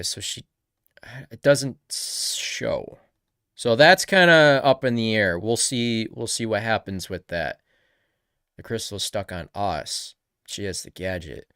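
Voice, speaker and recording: A man talks through a live reaction stream in a slow, unhurried way. His voice is smooth and clear, and he rambles and backtracks as he thinks aloud. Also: on the low side, fairly bright tone, no room sound, clean studio sound.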